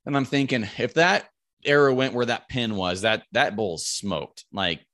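A man recounts a hunting tale in an unhurried, mid-range voice, casual and animated, cursing freely and loudly raising his voice to act out what people said.

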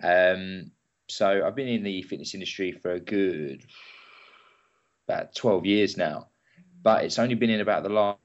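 A man in his thirties, a personal trainer answering interview questions in a relaxed, hesitant way with many ums. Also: deep voice, moderate pace, long pauses, lo-fi sound.

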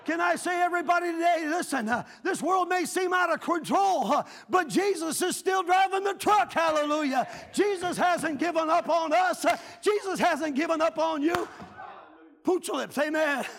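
Fervent high-pitched preacher man. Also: normal speed, vocal fry, hardly any pauses. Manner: fervent preaching, often shouting. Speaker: pastor. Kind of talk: revival sermon. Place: church sanctuary.

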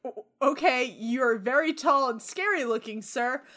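A woman's voice: sits high, measured pace, a bit bright. A woman voicing a lovestruck, scheming young man who blurts out his thoughts in disbelief. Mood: nervous.

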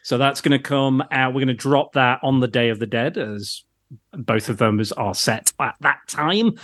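A man's voice: mid-range voice, no echo. A man, a podcast guest talking in a friendly, slightly hesitant way. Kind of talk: casual chat.

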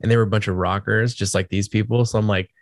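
A man's voice: on the low side, steady tone, fast talker, no room sound. A man in a casual podcast chat, enthusiastic and rambling, swearing casually. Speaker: podcast co-host or guest.

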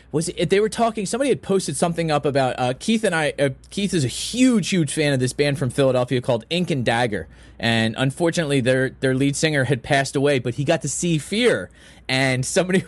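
A man co-hosting a podcast in casual chat, with a slightly high voice that leaps up and down as he acts out the people in his stories. His tone is bright and animated, and the sound is dry and close. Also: dry recording. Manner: animated storyteller, acts out quotes with big pitch jumps. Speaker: podcast co-host.

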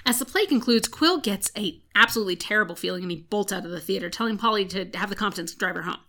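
A woman's voice: mid-range voice, quick pace, pushed and bright, a little hiss or hum. A woman co-hosting a podcast, retelling a book's plot in casual chat, with frequent "um" fillers. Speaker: podcast co-host. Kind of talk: casual book recap chat.

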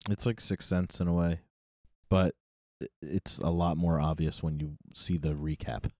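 Low-voiced laid-back man. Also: steady tone, moderate pace, darkish tone, no echo, clean studio sound. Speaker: podcast co-host. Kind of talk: casual movie-review chat.

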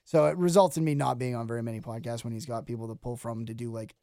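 Guy on a podcast, talks quick, smooth voice, dry sound. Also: medium pitch, fairly even intonation, warm tone, dry recording. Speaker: podcast guest. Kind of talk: casual podcast chat.

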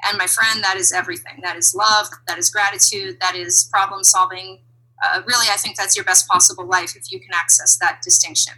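Bright husky woman guest. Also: mid-range voice, fairly quick, rough recording. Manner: animated, reflective, laughs often. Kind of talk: conversational interview.

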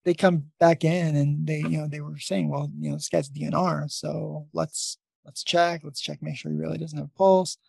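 A man with a gravelly, husky voice tells a story from his nursing life in a loose, rambling way, often restarting his sentences. The sound is dry and close. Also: fairly high pitch, fairly even intonation, normal speed, few pauses, darkish tone, no room sound. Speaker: nurse and podcast host. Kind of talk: casual interview storytelling.

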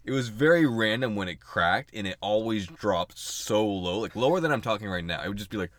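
A man's voice: on the low side, lively intonation, brisk, fairly bright tone, dry recording. Guy joking around on a podcast, voice jumps all over, dry close sound. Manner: joking, crude, laughs often. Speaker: podcast co-host. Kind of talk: casual chat.

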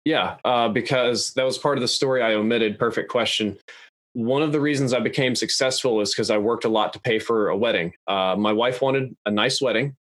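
A young adult man talking in a measured, analytical, plain-spoken way as a podcast guest. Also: mid-range voice, a bit bright, dry recording. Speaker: guest YouTuber. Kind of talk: casual podcast interview. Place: podcast studio.

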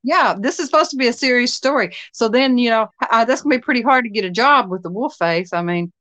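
Chatty woman guest, slightly high voice. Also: lively intonation, quick pace, a bit bright, no echo. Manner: chatty, laughs at her own stories. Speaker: podcast guest, psychic medium. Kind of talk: casual chat.

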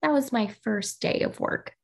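A woman's voice: on the high side, normal speed, creaky. A woman hosting a casual workplace podcast, telling stories and acting out what people said. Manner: animated storyteller, acts out quotes. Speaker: podcast host.

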